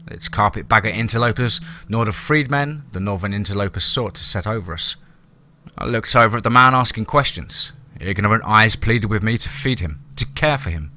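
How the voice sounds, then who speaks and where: A man reading a horror story aloud as a first-person narrator, in a measured, formal and grave manner. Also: on the low side, bright, forceful tone, slight background noise.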